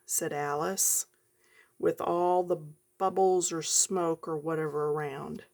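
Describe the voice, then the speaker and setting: A woman's voice: on the low side, slow, darkish tone. A woman giving a chatty coloring lesson, talking directly to her viewers. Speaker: coloring tutorial host.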